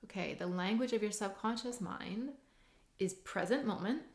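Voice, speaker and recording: A woman's voice: medium pitch, moderate pace, a little mellow. Earnest woman coach in echoey room. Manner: conversational, many "like" and "right?" tags, earnest. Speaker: hypnotherapist and mindset coach. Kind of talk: casual teaching monologue. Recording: roomy echo.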